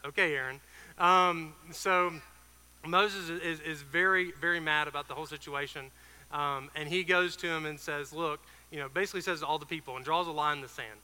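A man preaching an informal sermon, retelling a Bible story in a conversational way with fillers and quick asides. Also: fairly high pitch, fairly even intonation, pushed and bright, smooth, long reverb tail.

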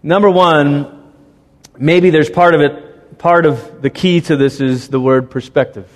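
A man's voice: a little high, fairly even intonation, unhurried. A man preaching a sermon, telling stories animatedly and acting out characters and animal noises. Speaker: pastor. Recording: long reverb of a large hall.

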